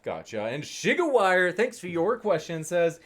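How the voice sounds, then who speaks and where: A man hosts a live debate and reads out viewer questions one after another. His voice jumps around in pitch as he puts playful little voices on the quotes. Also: very animated, unhurried. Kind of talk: casual live-stream moderation.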